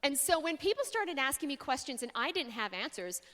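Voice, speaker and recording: Young woman from Canada, a slightly high voice, speaker giving an expressive faith story with pauses, heard through long hall reverb. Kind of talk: faith talk to an audience. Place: large hall.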